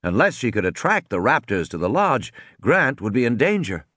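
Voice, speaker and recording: A man narrates an audiobook with dramatic expression. His pitch sweeps widely through each sentence. The recording is close and dry. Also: sing-song, moderate pace, fairly bright tone, no room sound.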